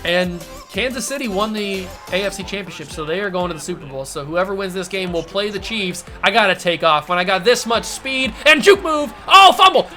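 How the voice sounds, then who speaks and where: A man calls his own football video game in a loose, excitable let's-play commentary that now and then jumps to shouting. Clear music plays underneath his voice. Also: high-pitched, brisk, hardly any pauses. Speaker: gaming YouTuber.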